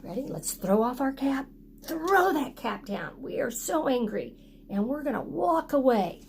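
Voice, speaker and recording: A woman reading a picture book aloud to children, pausing often to ask them to join in with actions. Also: high voice, sing-song, gravelly, slight background noise. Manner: interactive, prompting children to act along. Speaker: storytime reader for children.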